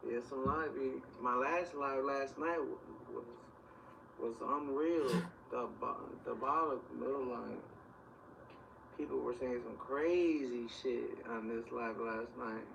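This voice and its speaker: A young man from Chicago hosting a livestream, chatting in slang and shouting out viewers. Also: medium pitch, slow, vocal fry, recorded from a distance, dull audio, slight background noise. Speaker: livestream host. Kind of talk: casual livestream chat.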